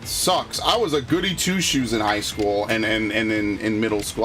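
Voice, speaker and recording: A man streaming a video game gives casual commentary and heated rants, full of swearing and restarted stories. He speaks at normal speed in a fairly low, slightly bright voice, with soft music in the background.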